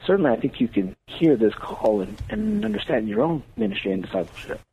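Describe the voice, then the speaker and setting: A man's voice: medium pitch, sing-song, fairly quick, gravelly, mellow, slight background noise. A man, a priest, talking earnestly on a radio talk show with a preaching cadence. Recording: tinny phone-line radio audio.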